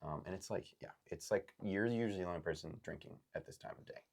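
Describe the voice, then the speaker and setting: Male game master, very low voice, rambling and hesitant delivery. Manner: halting, full of ums and likes. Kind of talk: narrating a tabletop game.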